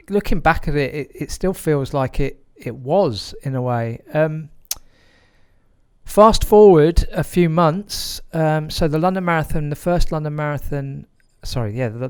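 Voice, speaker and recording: A man who is a podcast guest, telling a story in a reflective way, with frequent pauses and restarts. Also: a little high, darkish tone, clean tone. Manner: hesitant, many fillers and restarts, reflective. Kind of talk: conversational storytelling.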